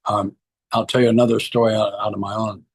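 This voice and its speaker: A man's voice: lowish voice, level tone, fast, husky. A middle-aged man, speaking earnestly and emphatically as he gives personal testimony to a recovery group, repeating key phrases.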